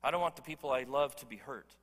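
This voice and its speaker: Male pastor, sermon delivery, bright and forceful, joking with the room, long hall reverb. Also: medium pitch, fast talker, slightly rough. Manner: emphatic, conversational, jokes with the congregation. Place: church hall.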